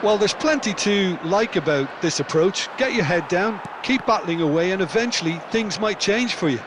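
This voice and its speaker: A man voicing a seasoned male football colour commentator in a video game, explaining the play in a steady, thoughtful way. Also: high-pitched, moderate pace, background noise. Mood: analytical. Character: seasoned male football pundit, calm and analytical. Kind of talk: scripted video game match analysis.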